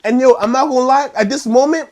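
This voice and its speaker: A young man telling a wild story in a slangy, animated vlog, acting out the scenes. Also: extremely high pitch, fast. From New York.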